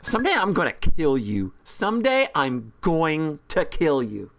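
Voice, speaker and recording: A woman's voice: sits low, wildly swooping pitch, a little slow, voice pushed down, exaggerated voice. A woman voicing a hotheaded, defiant teenage girl in a game. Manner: defiant, blunt. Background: game music.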